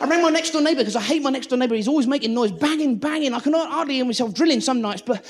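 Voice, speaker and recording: A man doing an excitable stand-up comedy routine on a theatre stage, swearing freely. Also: very high voice, very fast. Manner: frantic, excitable, swears a lot. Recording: live theatre recording with loud crowd. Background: loud audience laughter.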